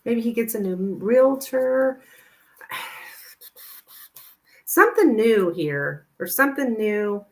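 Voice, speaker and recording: A woman's voice: fairly high pitch, lively intonation, slow pace, gravelly, pauses often. A woman giving a live tarot reading, chatting with viewers and thinking aloud with lots of "like.". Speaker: tarot reader.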